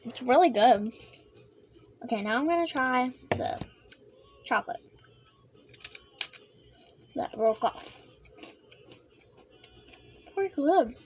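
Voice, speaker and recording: A woman vlogging a casual snack taste-test, excitable and giggly, chatting while she eats with her mouth full. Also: high voice, takes it slowly, pauses often, a little hiss or hum.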